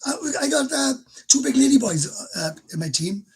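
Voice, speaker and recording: A man's voice: very high-pitched, expressive, moderate pace, husky. A Welsh man in his fifties, hosting a casual livestream chat from his bedroom, talking in an emotional, rambling way with laughs between sentences. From Wales. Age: 50s. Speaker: livestream host.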